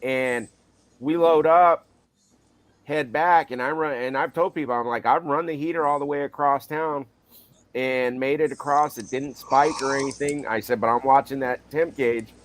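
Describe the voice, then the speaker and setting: A man's voice: medium pitch, moderate pace. A man co-hosting a casual car show, chatting at length with frequent repeats and restarts. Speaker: show co-host. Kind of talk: casual chat.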